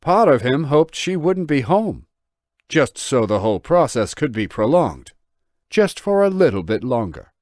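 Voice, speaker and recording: A man's voice: medium pitch, unhurried, no echo, clean studio sound. A man narrating his own novel as an audiobook, telling the story expressively. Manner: expressive storytelling with voiced dialogue. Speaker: author and narrator.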